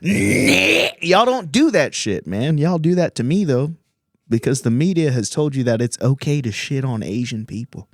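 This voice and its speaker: A man's voice: mid-range voice, moderate pace, warm tone, dry recording, studio quality. A man from Virginia, a comedian hosting a podcast, telling rambling, profane stories in casual chat and laughing often.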